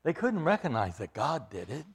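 A man's voice: medium pitch, big pitch swings, moderate pace, husky. A man preaching an expository sermon, emphatic, repeating phrases for stress and putting questions to his listeners.

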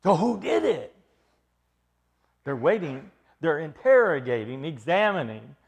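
A male preacher delivering an expository sermon in a fairly high voice that swings widely in pitch. He talks emphatically, repeats phrases to drive points home, and puts pointed questions to his listeners.

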